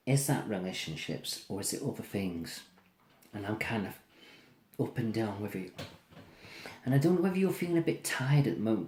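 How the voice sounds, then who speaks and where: A man giving a spiritual card reading, speaking gently and repetitively, sounding tired and drained. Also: on the low side. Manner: soothing, repetitive, yawning and tired. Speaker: psychic card reader. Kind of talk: tarot-style reading to camera. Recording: echoey room with faint ambience.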